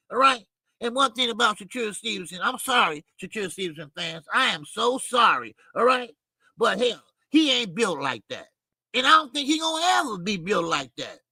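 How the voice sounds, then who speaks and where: Male boxing-stream host, high voice, profane ranting commentary, dry close sound. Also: breathy edge, no echo. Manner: ranting, profane, loud outbursts. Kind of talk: livestream boxing commentary, greeting chat.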